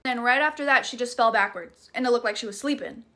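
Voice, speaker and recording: A woman's voice: fairly high pitch, fast, pushed and bright. A young woman with a Southern US accent tells a horror story in a casual, dramatic and profane way. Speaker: storytime creator.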